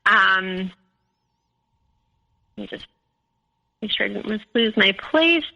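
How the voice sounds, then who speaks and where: A woman recounts her own story as an interview guest. Her voice is bright and a little tense, with a gravelly fry running through it. She talks hesitantly, circling back with many fillers and restarts. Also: mid-range voice, expressive, slow pace, muffled recording.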